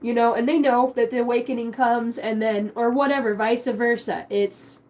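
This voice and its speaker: A woman's voice: on the high side, steady tone, normal speed, darkish tone, low-quality recording. A young woman giving a spiritual card reading, emotional and rambling, swearing casually. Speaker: tarot card reader.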